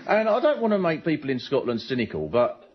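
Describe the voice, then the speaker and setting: A man doing a sardonic stand-up comedy monologue as host, telling stories with lively acted asides. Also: fairly high pitch, quick pace, husky. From England. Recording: muffled broadcast recording with audience. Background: studio audience laughter.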